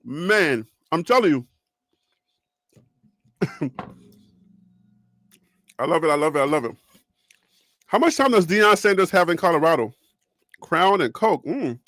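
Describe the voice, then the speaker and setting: A young man hosts a sports live stream from home, laughing often and talking right to his viewers. His voice sits high, and the sound is close and dry with no room echo. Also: very animated, a little slow, long pauses, fairly bright tone. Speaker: sports show host. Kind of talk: casual live-stream chat.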